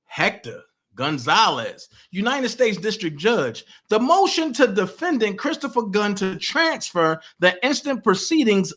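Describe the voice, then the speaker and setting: High, animated man taunting a rival. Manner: animated, taunting, reading legal text aloud. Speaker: political commentary host. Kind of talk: casual commentary monologue.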